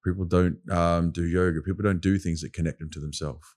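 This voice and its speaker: Man, Australian accent, very low voice, earnest, emphatic, podcast guest. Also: fairly even intonation, brisk, a little mellow. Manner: earnest, emphatic, repeats points. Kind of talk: casual conversation.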